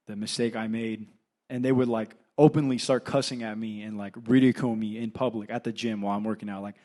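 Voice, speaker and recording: Young male assistant pastor, Californian accent, chatty filler-laden church testimony, mid-pitched. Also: a little mellow. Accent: Californian English. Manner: conversational, filler-heavy storytelling. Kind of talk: casual testimony sermon.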